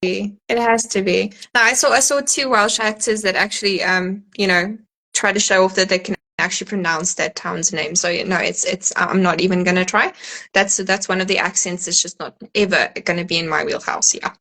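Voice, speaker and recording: Bright-voiced American woman, chatty guest. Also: medium pitch, steady tone, moderate pace. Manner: chatty, laughs often, many ums. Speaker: podcast guest. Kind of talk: casual chat.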